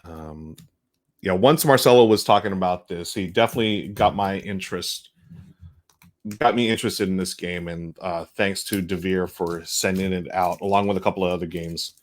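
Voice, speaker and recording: A man's voice: sits low, a little slow. A man hosting a casual live-stream, chatting to viewers while unboxing board games, rambling with restarts. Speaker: board game streamer and host.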